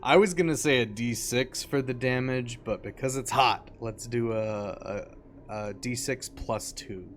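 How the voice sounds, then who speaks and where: A man running a tabletop game as game master, narrating scenes in a slow, descriptive way with casual asides. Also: mid-range voice, soft background music.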